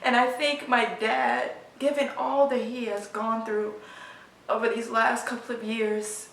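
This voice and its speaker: A woman of about twenty, telling a personal story in a halting, emotional way full of fillers, recorded in her apartment. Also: a little high, level tone, vocal fry, a bit bright, far from the mic. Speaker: vlogger. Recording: roomy sound, voice from off the mic.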